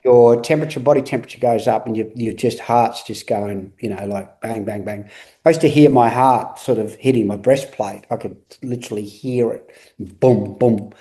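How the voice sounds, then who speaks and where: Earnest man telling his story, mellow voice. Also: mid-range voice. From Australia. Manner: earnest, repetitive, halting restarts. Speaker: guest. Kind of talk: candid interview talk.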